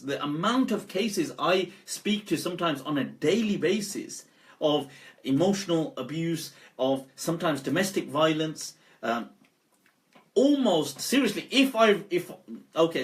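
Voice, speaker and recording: Man, Islamic scholar, live-stream talk, animated storytelling, slightly high voice. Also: measured pace. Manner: animated storyteller, laughs often.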